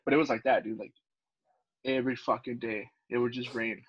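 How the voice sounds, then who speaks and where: A man's voice: mid-range voice, little pitch movement, fairly quick, breathy edge, no room sound. A man co-hosting a podcast, rambling through a story with lots of fillers and swearing. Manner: rambling, many fillers and swears, says dude and bro. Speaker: podcast co-host, Navy corpsman. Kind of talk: casual profane storytelling chat. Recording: dull, dry podcast recording.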